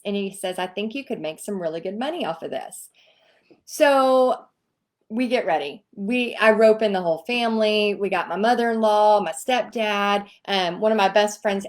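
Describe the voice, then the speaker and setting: A woman from Texas in her thirties, telling her own story casually to viewers and acting out the other people's lines. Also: mid-range voice. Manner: animated, acts out quoted voices. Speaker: host.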